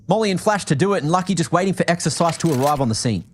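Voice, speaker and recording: A man from Australia with an Australian accent, calling a match as an energetic play-by-play esports caster. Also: a little high, slight background noise. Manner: energetic, quick reactions, laughs easily. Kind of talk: play-by-play commentary.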